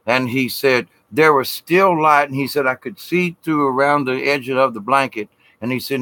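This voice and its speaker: A man's voice: mid-range voice, bright, forceful tone, no echo. A man with a Southern US accent telling a ghost story in a casual, rambling way, repeating "he said" and stretching out words for effect. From Southern United States. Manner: rambling, repeats "he said", drawn-out dramatic pauses.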